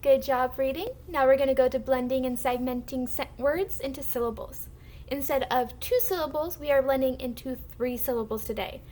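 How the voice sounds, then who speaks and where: High-voiced woman teaching early reading. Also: a little mellow, a little hiss or hum. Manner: slow, clearly sounded-out words for children to repeat. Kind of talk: recorded phonics lesson for young children.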